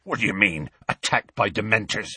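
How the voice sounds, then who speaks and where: A man voicing a huge, gruff male half-giant groundskeeper who grumbles and turns defensive, with rustic grammar. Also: fairly low pitch, moderate pace, pushed and bright, dry recording, exaggerated voice.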